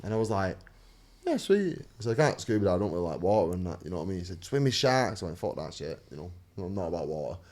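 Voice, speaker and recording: Fast-talking low-voiced male fighter. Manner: swearing, animated storytelling, acts out quoted people. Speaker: bare-knuckle fighter. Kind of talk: casual interview chat.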